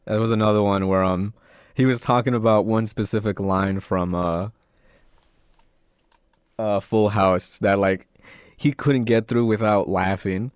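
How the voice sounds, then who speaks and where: A young man in relaxed podcast chat, his voice sitting fairly low and dry with no room sound. He tells stories in an animated way, slipping into quoted voices and stacking up fillers. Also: measured pace, smooth, dry recording. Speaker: podcast co-host. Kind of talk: casual chat.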